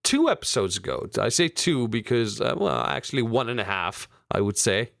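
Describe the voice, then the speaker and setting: A man's voice: medium pitch, sing-song, normal speed, gravelly, fairly bright tone, dry recording, clean studio sound. A young man co-hosting a podcast, rambling and joking crudely in casual banter. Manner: rambling, crude and jokey, many restarts. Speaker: podcast co-host.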